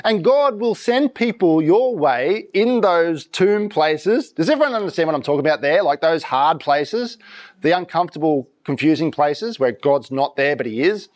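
A man delivering a sermon in church with a fairly high-pitched voice. He preaches in a casual, conversational way and keeps the congregation engaged with rhetorical questions. His delivery is animated and direct. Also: moderate pace. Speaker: pastor.

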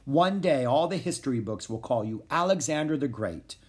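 Earnest boy hero voiced by a man, bit husky, bouncy storybook read. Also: mid-range voice, lively intonation, moderate pace. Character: eager young boy adventurer.

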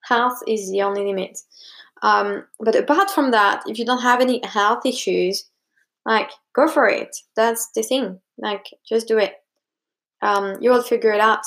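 A young woman with a slightly high, gravelly voice speaks casually to camera, offering advice. She rambles with lots of fillers and restarts. She slips into quick impressions of what other people said to her. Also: a bit bright. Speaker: vlogger giving advice.

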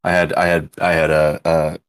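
A man's voice: extremely low pitch, level tone, normal speed, no room sound, studio quality. A man co-hosting a casual podcast, joking and rambling with frequent restarts. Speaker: podcast co-host. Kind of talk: casual chat.

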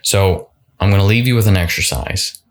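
A man's voice: low voice, normal speed. A man hosting a solo motivational podcast, talking casually and often restarting and repeating words. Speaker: podcast host.

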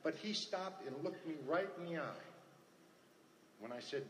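A man's voice: medium pitch, moderate pace, a little hiss or hum. An older man giving earnest personal testimony at a recovery meeting, telling stories and repeating his phrases. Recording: echoey hall, faint ambience.

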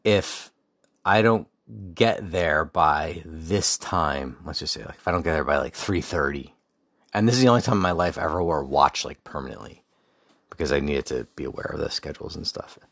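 A man's voice: very deep voice, moderate pace, fairly bright tone, dry recording, clean studio sound. A young adult man hosting a podcast, telling a personal story in a rambling, casual way with restarts and asides, and reflecting on his faith. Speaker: podcast host.

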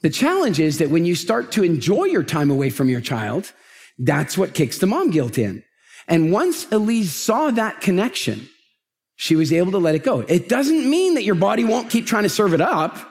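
Animated man speaking live on stage. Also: high voice, normal speed. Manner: animated storytelling, asks the audience questions. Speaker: motivational speaker. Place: large event stage with an audience.

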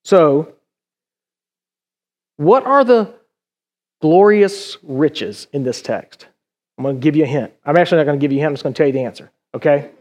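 A man's voice: a little high, expressive, normal speed, long pauses, darkish tone. A middle-aged male pastor preaching a conversational sermon in a church, full of rhetorical questions.

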